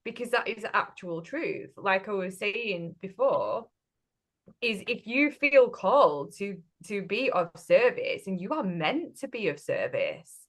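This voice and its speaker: A woman coach talks on a relaxed podcast at a middling pitch. She is direct and blunt and keeps checking in with the listener as she makes her points. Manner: direct and blunt, often tags statements with "right?". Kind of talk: casual spiritual business chat.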